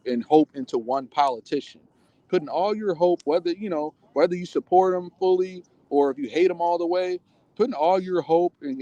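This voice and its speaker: A man's voice: a little high, mellow, no echo. A man co-hosting a political podcast, talking in a loose, rambling, jokey way. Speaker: podcast co-host. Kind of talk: casual political chat.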